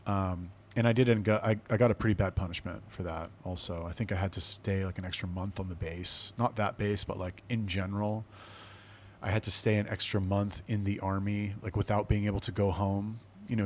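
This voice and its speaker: A man with a somewhat low voice tells a story on his podcast in loose, conversational monologue. He speaks bluntly, swears freely and keeps a casual, offhand tone. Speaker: podcast host.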